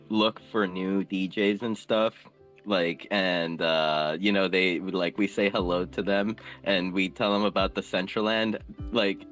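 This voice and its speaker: Casual male co-host, lower voice, joking and stammering, faint music behind. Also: a bit bright. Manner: laid-back, joking, stammering. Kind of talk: casual Twitter Space chat.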